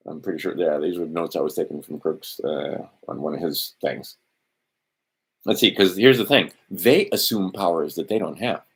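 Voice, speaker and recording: A man with a deep, low voice hosts a livestream in a loose, meandering way. He talks bluntly, swears now and then, and mutters to himself while searching through a document. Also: moderate pace, fairly bright tone, husky. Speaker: livestream host. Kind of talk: rambling casual livestream monologue.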